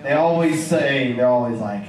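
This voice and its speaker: A man's voice: mid-range voice, animated, moderate pace, a little hiss or hum. A man doing a crude, loose, conversational stand-up comedy set on a bar stage in front of a live audience. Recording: echoey room, distant mic, crowd audible.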